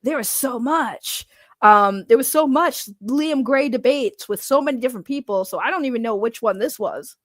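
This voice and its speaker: A woman with a high, bright-sitting voice reacts in casual commentary, laughing often and cursing without a filter. Her voice is close and dry, with no room sound around it. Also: normal speed, no room sound. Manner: animated, laughs often, swears freely. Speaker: reaction video host.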